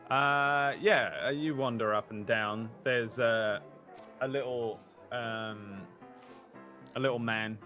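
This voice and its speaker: A man's voice: medium pitch, steady tone, slow pace, pushed and bright, highs cut off, soft background music. A man narrating a tabletop game as game master, describing scenes playfully.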